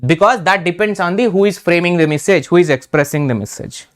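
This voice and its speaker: A man's voice: high-pitched, fairly quick. A man teaching an exam revision lecture in Indian English, repeating key terms and checking in with "right?".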